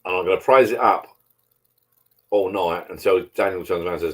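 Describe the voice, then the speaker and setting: A man's voice: sits low, brisk, fairly bright tone, husky. A man hosting a live stream, chatting casually and rambling over beers, swearing freely as he talks to viewers.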